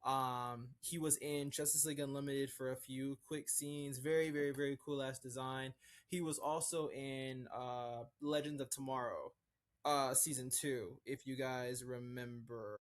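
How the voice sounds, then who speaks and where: A man talks in a loose, excited ramble as a podcast co-host. His sentences trail off and restart, full of filler words. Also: mid-range voice, measured pace. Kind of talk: casual chat.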